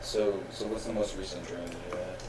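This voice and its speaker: A man co-hosting a podcast in casual chat, easygoing with drawn-out reactions. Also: low voice, steady tone, far from the mic. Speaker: podcast co-host. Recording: echoey room, off-mic, clear background noise.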